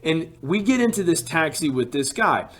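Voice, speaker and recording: A man from Alabama, telling a personal travel story in a casual, animated way and acting out what people said. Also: fairly high pitch, moderate pace. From Alabama, USA. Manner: animated, acts out quotes with rising emphasis.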